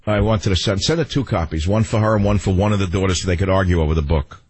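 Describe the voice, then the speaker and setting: A man hosting a radio talk show, ranting in an animated, exasperated way into a studio mic. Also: sits low, fast, husky, dry recording.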